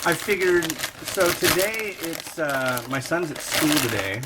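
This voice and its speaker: In a noisy home kitchen full of clicks and crinkles, a middle-aged man makes casual vlog chatter as he cooks. His slightly high voice is expressive and measured, and his talk wanders with a wry edge.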